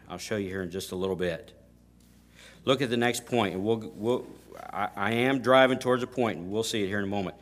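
A man's voice: fairly low pitch, brisk. A man preaching a sermon in a folksy, emphatic way, often restarting his sentences and punching key words. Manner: folksy, emphatic, rising to loud stresses.

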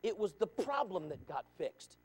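Pastor, male, high-pitched; fervent preaching style that repeats and addresses listeners. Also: sing-song, normal speed, slightly rough. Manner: emphatic, repeats lines, calls out listeners by name. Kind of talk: sermon.

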